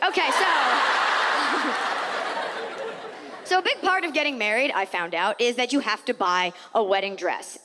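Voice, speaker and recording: A woman comedian performing an animated, sarcastic stand-up set on a theater stage with a handheld mic. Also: medium pitch, in a large hall. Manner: animated, sarcastic, acts out voices.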